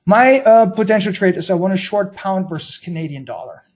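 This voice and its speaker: A man hosting a trading webinar, talking through market charts in a brisk, blunt, informal way, with slang and frequent restarts. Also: high-pitched, lively intonation. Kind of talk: casual market-analysis webinar talk.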